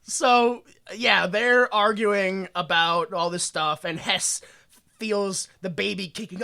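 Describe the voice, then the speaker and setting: A woman's voice: mid-range voice, takes it slowly, gravelly, pushed and bright. A woman co-hosting a casual movie commentary podcast, recapping scenes animatedly, swearing and acting out lines in put-on voices. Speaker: podcast co-host.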